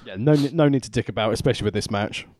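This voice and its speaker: A man's voice: medium pitch, very fast, a little mellow. A man co-hosting a podcast in casual chat, dropping wry joking asides. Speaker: podcast co-host.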